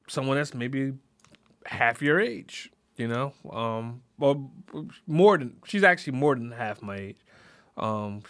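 Rambling, high-voiced man musing. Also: fairly bright tone, no room sound, clean studio sound. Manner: rambling, full of "you know" and restarts. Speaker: podcast host. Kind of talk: casual, reflective monologue.

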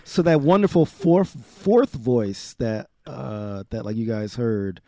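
A man's voice: medium pitch, slow pace, dark tone. A man co-hosting a podcast, rambling goofily with lots of fillers; he is from Chicago. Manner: goofy, rambling, full of fillers. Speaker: podcast co-host. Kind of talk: casual chat.

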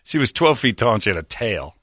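Loud, joking male podcast host. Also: on the low side, sing-song, fast, husky, dry recording. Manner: loud, joking, mocking, often laughing. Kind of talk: crude casual banter.

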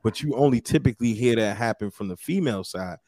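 A man's voice: medium pitch, animated, fast, darkish tone, no echo, studio quality. A man, chatting in a laid-back way on a podcast, talking in loose restarts. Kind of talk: casual chat.

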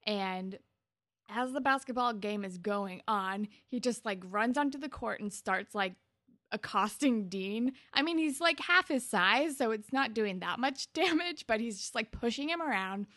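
A woman's voice: on the high side, animated, a little slow, pushed and bright, no echo, studio quality. A woman co-hosting a podcast, retelling a TV episode in a rambling, casual way full of "like". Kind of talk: casual TV recap chat.

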